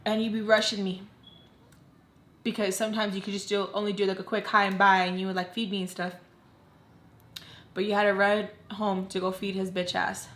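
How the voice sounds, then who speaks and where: A woman's voice: mid-range voice, little pitch movement, fairly quick, long pauses, fairly bright tone. Candid young woman telling a storytime. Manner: candid, heavy use of "like". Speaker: vlogger. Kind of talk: emotional storytime. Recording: roomy echo.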